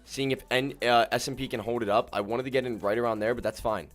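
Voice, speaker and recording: A man hosts a live day-trading stream, his voice at a middling pitch. He talks in loose slang, keeps calling out to his viewers, and veers from low calm muttering to sudden loud whoops. Faint music plays softly behind him. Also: fast. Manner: slangy, keeps addressing viewers as ladies and gentlemen.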